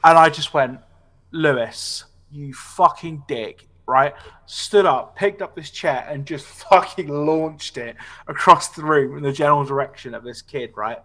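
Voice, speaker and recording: Bright-voiced man telling stories, swearing. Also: on the high side, moderate pace. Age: 20s. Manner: animated, sweary anecdote telling with frequent "right?" tag questions. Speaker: podcast host. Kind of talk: casual storytelling chat.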